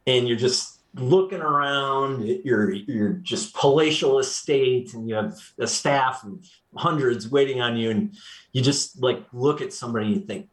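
Radio co-host guy, mid-pitched voice, dry jokey delivery, laughs at his own bits. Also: moderate pace, roomy sound, low-quality recording. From Wisconsin. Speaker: co-executive producer and show regular. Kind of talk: casual radio chat.

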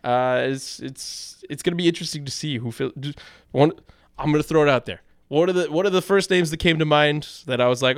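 A man's voice: a little high, brisk, dry recording, clean studio sound. A man hosting a call-in talk radio show, talking through his opinions and taking calls in a conversational way.

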